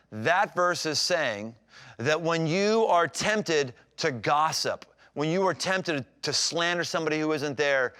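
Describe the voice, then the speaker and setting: Animated preaching man, a bit high. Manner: animated, acts out scripture scenes with voices; conversational and emphatic. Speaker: pastor. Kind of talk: sermon.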